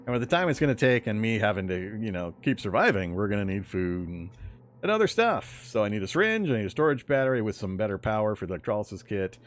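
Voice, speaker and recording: A man's voice: fairly low pitch, sing-song, fast talker. A man giving casual, rambling commentary on his survival game run, often chuckling and correcting himself mid-sentence. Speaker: game streamer.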